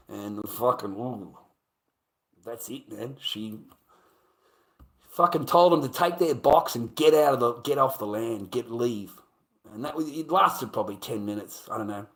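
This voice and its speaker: A man streaming live, rambling through a story with heavy swearing and animated bursts. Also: medium pitch. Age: adult. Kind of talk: casual livestream storytelling.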